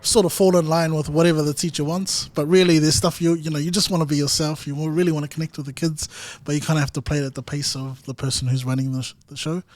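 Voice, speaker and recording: A man's voice: on the high side, level tone, fast, few pauses. A young man hosting a podcast interview, speaking thoughtfully and hedging with fillers. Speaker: podcast host. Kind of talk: casual interview chat.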